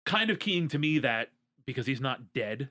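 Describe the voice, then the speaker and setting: A man co-hosting a podcast, telling a movie's plot step by step in a mid-range voice. He pauses often with "um" and slips in deadpan jokes along the way. His delivery stays loose and conversational. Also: mid-range voice. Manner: joking, wry storyteller, many "um"s. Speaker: podcast co-host. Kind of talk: casual movie recap chat.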